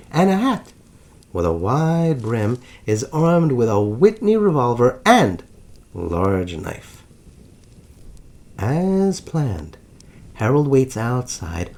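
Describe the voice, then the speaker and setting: A man telling a historical story as scripted narration, with dramatic pacing and drawn-out suspense pauses. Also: medium pitch, a little mellow. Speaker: history channel host.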